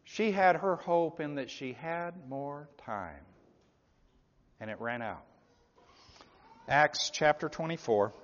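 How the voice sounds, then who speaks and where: A man preaching a revival sermon, swinging from loud, pleading appeals to hushed, low endings. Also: lively intonation, takes it slowly, pauses often. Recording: dull, echoey hall.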